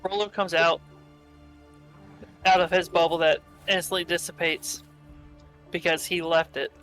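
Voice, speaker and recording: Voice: medium pitch, flat delivery, a little slow, a bit bright, faint music behind, poor audio. Casual tabletop game player. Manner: casual, searching for words. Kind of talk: describing a character's actions in a tabletop game.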